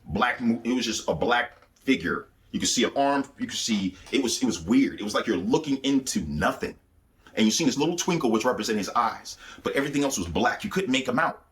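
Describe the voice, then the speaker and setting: A man's voice: mid-range voice, lively intonation, a little fast, a bit bright. A man telling a personal spiritual testimony, speaking intensely with repeated phrases and restarts. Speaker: speaker giving a religious testimony.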